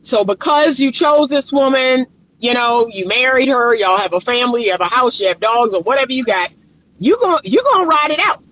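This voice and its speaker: A relationship coach speaks directly to the camera in a casual, colloquial advice monologue, emphatic and a bit preachy, laughing often between points. Her voice is slightly high, animated and fairly quick, with a fairly bright tone. The recording quality is low.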